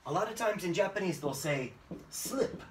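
A man's voice: high-pitched, animated, fast, far from the mic, background noise. A man teaching English to Japanese learners in an online lesson, acting out sounds playfully and mixing in Japanese words.

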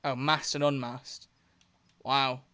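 Excitable man, very bright voice. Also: medium pitch, slow. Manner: excitable, swears a lot, frequent outbursts. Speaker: game streamer. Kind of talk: live gameplay commentary. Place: home gaming setup at a desk.

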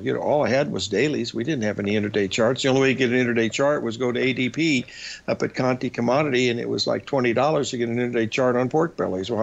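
A man's voice: medium pitch, vocal fry, dull audio. An older man hosting a radio show, telling long rambling stories about his past with lots of fillers. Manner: rambling anecdotal storytelling with fillers.

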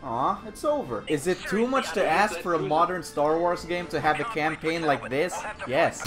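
A young man giving comedic gameplay commentary, excitable and often yelling and laughing. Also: fairly high pitch, moderate pace, few pauses, loud music behind the voice. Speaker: gaming YouTuber.

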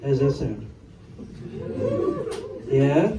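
A man's voice: medium pitch, lively intonation, drawn-out words, lo-fi sound. Male stand-up comic, wry and rambling, recorded live from a distance in a roomy club with audience noise behind. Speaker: stand-up comedian. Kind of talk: stand-up set with crowd work. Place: comedy club stage. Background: audience laughter.

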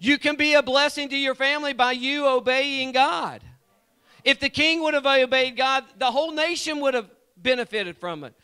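A man's voice: very high-pitched, normal speed, sharp tone. A man preaching a sermon in a church, fervent and repetitive, calling out to members of the congregation by name. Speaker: lay preacher and church guitar player. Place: church sanctuary.

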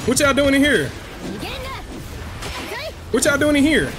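With an extremely high, sing-song voice, a man speaks unhurriedly over music while playing a game live. He hosts the channel and fills his commentary with playful, slangy trash talk and jokes for his viewers.

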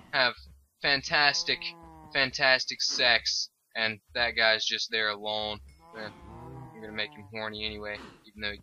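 A young man giving rambling, crude, joking commentary over gameplay, now and then jumping to high excited squeals. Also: poor audio. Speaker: gaming video host.

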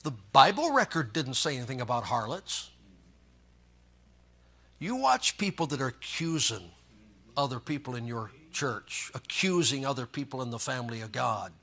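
A man's voice: medium pitch, lively intonation, normal speed, a bit bright. A man preaching a sermon as pastor, reading scripture and joking in a folksy way.

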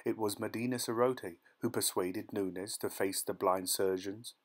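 A man narrating an audiobook short story in a soft, gentle dramatic reading style. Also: lowish voice, steady tone, normal speed. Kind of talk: scripted narration.

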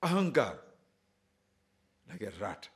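A man giving a spiritual discourse, telling a fable in an animated way and checking in with his listeners as he goes. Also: fairly low pitch, slow pace. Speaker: spiritual teacher.

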